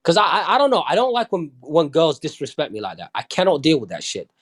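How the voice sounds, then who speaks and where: A man's voice: a little high, big pitch swings, fast. A man from London, a podcast guest in casual chat, talking bluntly with plenty of swearing and often asking if you understand.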